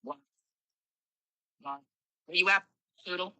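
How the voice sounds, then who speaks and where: A brash woman runs a live stream, moderating and scolding callers with a foul mouth. Her voice is intensely bright and forceful, with a dry, close sound and no room around it. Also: lowish voice, animated, takes it slowly, vocal fry, no room sound, low-quality recording. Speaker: livestream host.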